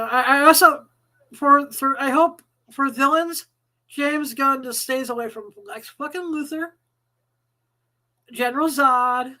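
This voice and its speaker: A woman's voice: sits high, sharp tone, poor audio. A woman co-hosting a casual live talk show, chatty, restarting sentences, swearing freely.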